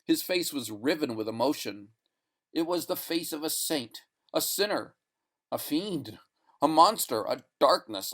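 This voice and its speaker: A man reading a short story aloud in a deliberate, expressive narration. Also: fairly high pitch. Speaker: reader. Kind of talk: audiobook narration.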